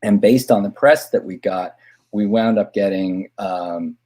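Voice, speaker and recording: A man's voice: fairly low pitch, unhurried. A middle-aged man, a film director, telling a long anecdote in a casual podcast chat, acting out the people he quotes. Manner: animated anecdote teller, acts out quoted voices.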